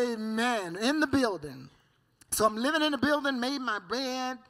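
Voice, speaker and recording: A woman preaches her testimony in a bright, forceful voice. She speaks with fervor, tells her story and keeps breaking in with amen and hallelujah. She laughs often as she goes. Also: a little high, expressive, a little slow. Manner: fervent, punctuated with amen and hallelujah. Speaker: guest giving a church testimony.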